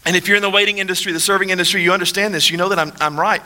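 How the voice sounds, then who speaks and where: Bright-voiced preacher in a hall. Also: male voice, high-pitched, steady tone, racing. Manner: conversational preaching with rhetorical questions and humor. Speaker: pastor. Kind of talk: sermon. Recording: long hall reverb.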